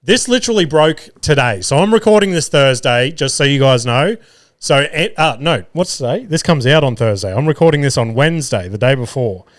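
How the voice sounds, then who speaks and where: A man's voice: medium pitch, animated, brisk. A man hosting a solo podcast in casual chat, rambling, swearing freely and filling gaps with "um" and "like" as he hunts for words. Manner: loses his words mid-thought. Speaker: podcast host.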